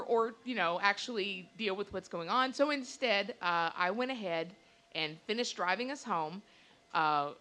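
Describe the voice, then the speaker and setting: A woman telling a personal story on stage to a live audience, animated and acting out the lines she quotes. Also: mid-range voice.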